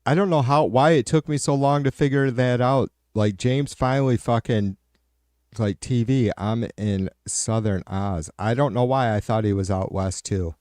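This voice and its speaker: A man's voice: medium pitch, normal speed, darkish tone, no room sound, clean studio sound. A middle-aged man hosting a livestream, chatting casually with viewers and answering their comments aloud in a profane, rambling way. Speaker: livestream host.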